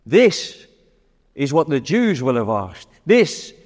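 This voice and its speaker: A man's voice: medium pitch, sing-song, measured pace. Earnest preacher man in a reverberant hall. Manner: earnest, with frequent restarts and shifts between loud and quiet. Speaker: pastor. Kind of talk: sermon.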